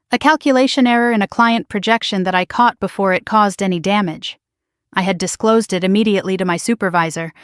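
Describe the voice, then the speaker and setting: A woman narrating a first-person drama story in a measured, even way. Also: mid-range voice, no room sound, studio quality.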